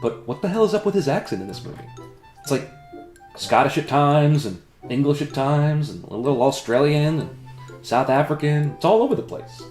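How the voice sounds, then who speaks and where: A man's voice: on the high side, expressive, normal speed, a little mellow, reverberant, faint music behind. A man in a comedy sketch, talking in a dry, sarcastic and critical way. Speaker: comedy video creator. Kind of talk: comedic self-debate sketch.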